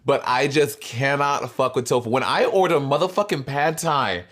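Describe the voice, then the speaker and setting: A man's voice: medium pitch, normal speed, fairly bright tone. A man co-hosting a podcast, teasing his co-host in sassy, profane, casual banter. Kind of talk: casual chat.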